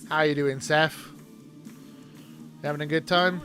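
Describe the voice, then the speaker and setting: A young Welshman rambling excitably in casual live commentary as he watches a wrestling show. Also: on the high side, slow, soft background music. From Wales. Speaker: streamer.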